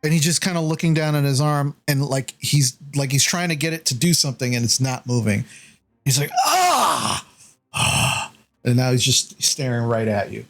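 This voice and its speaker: A man's voice: medium pitch, steady tone, brisk. A man narrating as game master in a casual tabletop game, describing the action loosely with many fillers.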